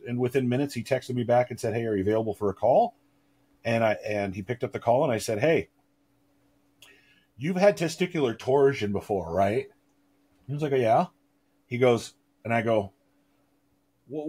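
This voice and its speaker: A man on a podcast, rambling in casual chat, halting and restarting, with a mock-formal tone. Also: mid-range voice, darkish tone, breathy edge. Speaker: podcast co-host.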